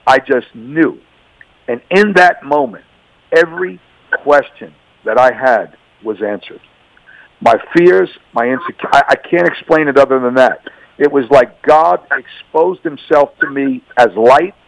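A man's voice: medium pitch, animated, unhurried, gravelly, no room sound, rough recording. A man telling his personal faith testimony on a radio show, earnest and emphatic, often repeating words and phrases. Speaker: radio guest.

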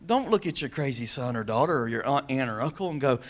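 A man's voice: medium pitch, animated, fast talker. A male pastor giving a sermon in a conversational way, calling out to the congregation with questions. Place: church.

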